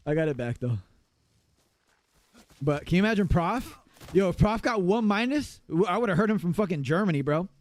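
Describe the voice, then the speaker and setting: A man chatting casually on a live gaming stream, excitable and profane, laughing often. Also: sits high, moderate pace, long pauses.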